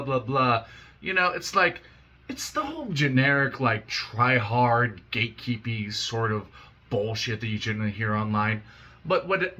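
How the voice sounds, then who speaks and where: A man's voice: mid-range voice, pushed and bright. A young man in a casual, profane, heated rant, rambling with restarts. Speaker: YouTuber ranting.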